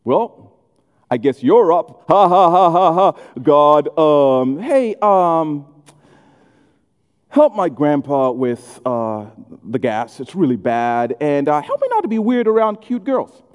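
A man voicing a young new believer who prays in a halting, awkward, casual way, in an echoey hall. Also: a little high, very animated, darkish tone, dull audio. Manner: halting, with fillers.

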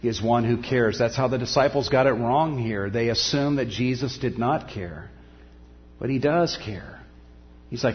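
A man preaching a sermon, earnest, rising to emphatic peaks and then dropping soft and low. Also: moderate pace, in a large hall, highs cut off. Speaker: pastor.

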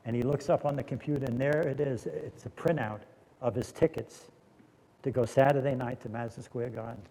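A man preaching, telling a story in an animated way, calling out "amen" and moving into prayer. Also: mid-range voice, brisk, vocal fry, low-quality recording. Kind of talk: sermon storytelling. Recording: loud guitar music behind.

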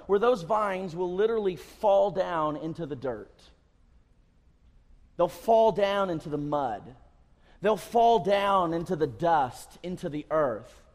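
A man preaching a sermon in a church, emphatic and repetitive, stressing his points again and again. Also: on the high side. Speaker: pastor. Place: church sanctuary. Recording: long church reverb.

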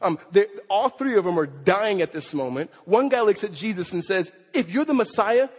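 A man with a high, slightly husky voice delivers a sermon from the pulpit. He is emphatic and stumbles over repeated words as he presses his point. His voice rings out with long reverb through a large sanctuary. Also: expressive, moderate pace. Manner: emphatic, stammering restarts, acts out quotes. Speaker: pastor. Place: church sanctuary. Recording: long reverb in a big hall.

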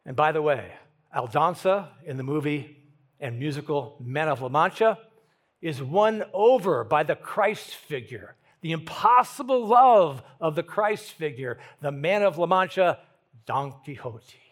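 Animated preacher with dramatic swings. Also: male voice, fairly high pitch, measured pace. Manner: dramatic swings from hushed to emphatic; repeats words when thinking aloud. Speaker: pastor. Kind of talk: sermon.

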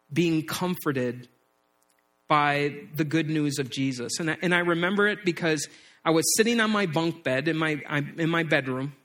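A middle-aged pastor delivers a sermon through personal stories. His voice sits a little high for a man. He often doubles back on words mid-sentence. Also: a bit bright. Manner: storytelling, repeats words as he speaks.

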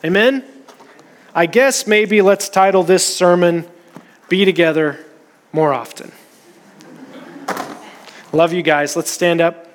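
A man with a high, light voice preaching an earnest, conversational sermon to his congregation. The sound carries a long reverb from a large church hall. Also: takes it slowly, long pauses, a little hiss or hum. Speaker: pastor.

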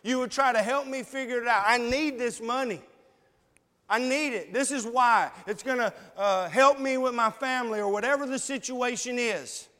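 A high-pitched man preaches to his congregation, earnest and pleading. His voice rings through a church hall with a long reverb tail. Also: moderate pace, sharp tone. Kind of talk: sermon.

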